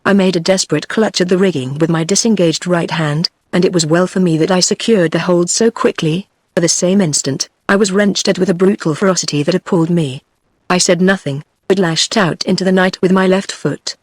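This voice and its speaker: A woman's voice: fairly low pitch, brisk, no room sound, clean studio sound. Synthetic British woman reading a novel. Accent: British English. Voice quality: even synthetic delivery, quoted lines read in the same voice. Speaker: narrator. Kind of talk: text-to-speech audiobook reading.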